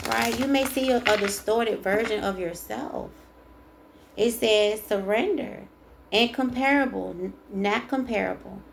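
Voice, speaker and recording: A woman's voice: medium pitch, unhurried, gravelly, a little hiss or hum. A woman doing a casual spiritual tarot card reading, chatty and emphatic, reading card texts aloud and repeating the key lines. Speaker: tarot reader.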